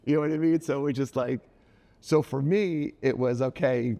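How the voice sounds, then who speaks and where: Middle-aged man, guest author, lively storyteller, mid-range voice. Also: mid-range voice, normal speed, vocal fry. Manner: animated, acts out quoted voices. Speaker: guest, children's book author. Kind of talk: casual storytelling interview.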